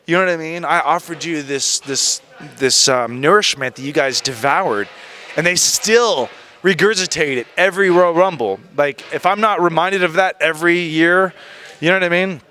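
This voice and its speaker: Brief: male interview guest, high-ish bright voice, animated storyteller who mimics others. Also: moderate pace.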